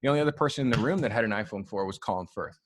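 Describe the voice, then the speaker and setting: Speaking very fast in a lowish voice, a photographer spins long tales as a guest on a relaxed podcast interview. He acts out quoted people with animated, loose delivery, peppering everything with "um" and "like".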